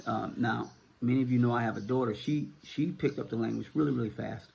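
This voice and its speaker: A man's voice: medium pitch, fast, gravelly, darkish tone, muffled recording, a little hiss or hum. A middle-aged American man with a Northern US accent, answering viewer questions in a casual, rambling talk full of fillers and repeated words. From United States.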